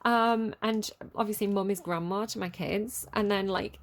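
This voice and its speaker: A woman's voice: mid-range voice, steady tone, moderate pace. A woman in her thirties giving a casual tarot reading, chatty and rambling, laughing often between her words. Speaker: tarot reader.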